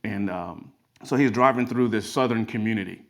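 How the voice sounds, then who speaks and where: A man's voice: lowish voice, normal speed, a bit bright. Man preaching through folksy stories. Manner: tells stories as parables. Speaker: creative studio owner. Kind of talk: motivational storytelling. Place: garage turned studio.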